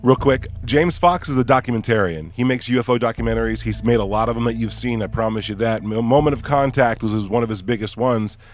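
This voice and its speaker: A young man hosting a podcast in casual chat, rambling through ideas with many fillers and sudden excited bursts. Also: mid-range voice, fast, few pauses, soft background music. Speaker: podcast host.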